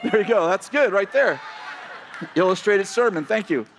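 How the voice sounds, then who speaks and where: High-pitched, excitable preaching man. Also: moderate pace, creaky, some chatter behind, a little hiss or hum. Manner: excitable, gets loud, laughs at himself; animated, reads scripture then paraphrases loudly. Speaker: pastor. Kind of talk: sermon.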